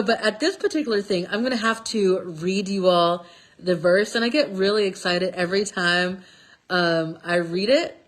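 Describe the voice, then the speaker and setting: A woman telling a Bible story in a casual, lively way, often checking in with "okay?". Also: medium pitch. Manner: lively, chatty, stresses words with "okay?". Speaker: speaker sharing a Bible passage. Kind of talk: casual storytelling talk about scripture.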